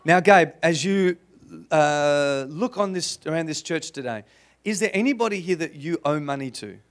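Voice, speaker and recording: An Australian man delivers a sermon in church, his voice sitting high for a man. He preaches in an animated, playful way and keeps drawing the congregation in with questions. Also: moderate pace. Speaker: pastor.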